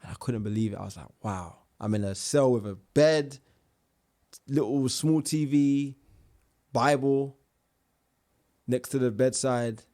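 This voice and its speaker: A young man, a guest telling his own life story in a casual interview, animated, with slang and restarts. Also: mid-range voice, unhurried, pauses often.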